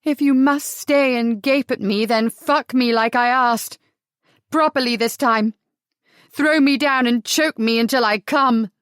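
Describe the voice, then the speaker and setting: A woman's voice: fairly high pitch, measured pace, clean tone, no echo, studio quality, lightly acted. A woman voicing a drunk, bitter young woman who talks in a sneering, cutting way. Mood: demanding.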